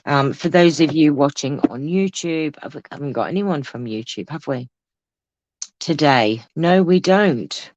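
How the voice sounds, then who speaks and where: A woman's voice: sits low, lively intonation, unhurried, a little mellow, dry recording, lo-fi sound. A woman hosting a casual craft livestream from home, chatting to viewers and reading out their comments with teasing asides. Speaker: craft host.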